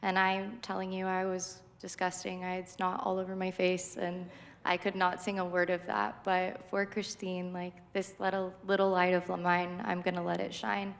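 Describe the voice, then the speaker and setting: A woman speaking as a friend at a memorial service, heartfelt and measured, with frequent pauses. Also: fairly low pitch, monotone, creaky. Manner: heartfelt, measured, pausing often. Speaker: friend giving a eulogy. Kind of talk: memorial tribute speech. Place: spiritual center sanctuary. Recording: echoey hall reverb.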